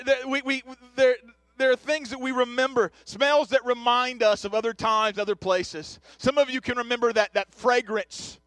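A man's voice: sits high, fairly bright tone, clear, resonant tone, no room sound, clean studio sound. A man in his thirties preaching a conversational sermon, joking and chatting straight to his congregation. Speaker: pastor. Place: church sanctuary.

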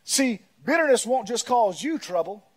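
A man preaches a sermon in a high voice. He builds to loud, emphatic passages, then drops to quiet, reflective storytelling. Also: animated, moderate pace. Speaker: pastor.

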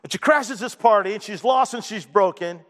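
A man's voice: sits high, fairly quick, fairly bright tone. A man preaching a sermon as pastor, impassioned and repeating himself with stammered emphasis. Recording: long hall reverb.

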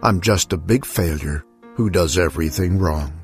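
A man's voice: sits low, moderate pace, soft background music. A man voicing a small, frightened, self-pitying male donkey who pleads in rhyming verse. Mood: fearful pleading.

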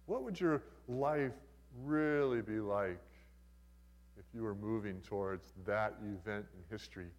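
A man's voice: lowish voice, unhurried, in a large hall. An older man preaching a sermon as a pastor, in a conversational, folksy way with humorous asides.

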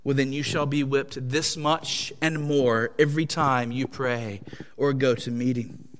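A preacher putting on a brutal slave master who barks his threats and later pleads for mercy. The voice rings out through a big reverberant hall, in a slow, weighty delivery. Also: mid-range voice, steady tone, a little hiss or hum, lightly acted. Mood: enraged. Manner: shouting threats, later groaning pleas. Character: cruel slave master, furious then terrified. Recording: long echo of a large hall.

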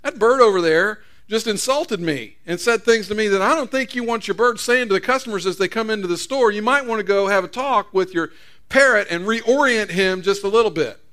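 A man's voice: high voice, animated, fairly quick, bright, forceful tone, voice pushed up. Offended male shopper played by a preacher, indignant and complaining.

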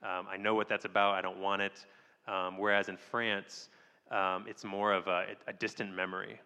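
Missionary guy answering slowly, lots of ums, low bright voice, hall echo. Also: level tone, clean tone. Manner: measured, many ums, restarts. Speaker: missionary guest. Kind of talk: church interview answer. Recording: long hall reverb.

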